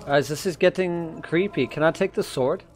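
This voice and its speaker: Excitable man commenting on a game. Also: a little high, normal speed, a little hiss or hum. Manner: excitable, jokey. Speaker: gamer. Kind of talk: casual gameplay commentary.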